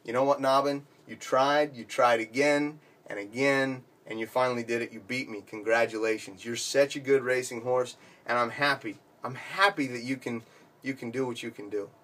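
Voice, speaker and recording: A man voicing a veteran male champion racehorse who speaks gently and courteously. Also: medium pitch, steady tone, normal speed, lightly acted. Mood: gracious.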